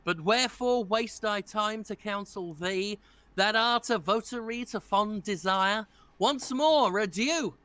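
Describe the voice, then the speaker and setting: A man's voice: sits high, unhurried, fairly bright tone, dry recording. A man reading an earnest young nobleman in a live amateur read-through of a play. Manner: laughs at his own slips while reading. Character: young male nobleman leaving home, earnest and teasing.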